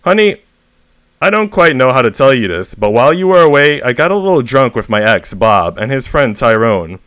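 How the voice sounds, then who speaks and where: Man reading comic stories, lively pitch. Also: normal speed, clear, resonant tone, no echo. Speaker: VTuber reader. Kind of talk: reading humorous short stories aloud.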